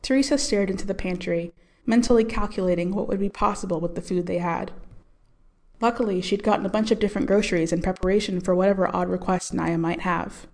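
A woman narrating a story in a calm, measured storytelling voice. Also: mid-range voice. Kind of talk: scripted audiobook narration.

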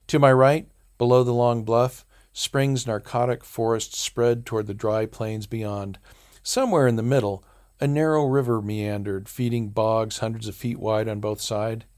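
A man reading a first-person story aloud as an audiobook narrator, in a measured, dry storytelling manner. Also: mid-range voice, steady tone, a little mellow.

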